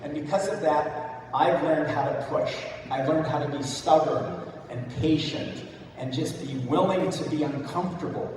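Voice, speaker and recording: A man in his sixties from the United States giving a keynote speech, talking in a relaxed, plainspoken way. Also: on the high side, normal speed. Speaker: keynote speaker. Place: large event hall. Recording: echoey hall, distant mic, audible noise.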